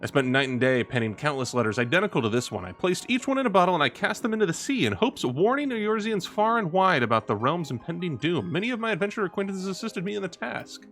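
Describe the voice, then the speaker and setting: Courtly, gentle minstrel read by a man, lively ornate delivery, soft game music underneath. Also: high-pitched, fast, few pauses, heavily acted. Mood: storytelling. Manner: reads ornate in-game dialogue aloud.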